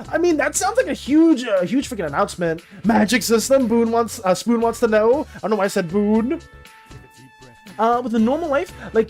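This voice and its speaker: A streamer talks casually to chat while working on art, reading messages aloud and trailing off into fillers and restarts. The pitch jumps around a lot, animated and bouncy. Quiet music plays faintly behind the voice. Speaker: streamer and artist. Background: faint background music.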